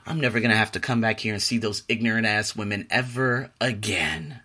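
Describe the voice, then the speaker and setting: A man's voice: mid-range voice, sing-song, a little fast, bright, forceful tone. A young adult man hosting a podcast, reading a self-help passage and then talking casually in an emphatic, motivational way. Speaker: podcast host.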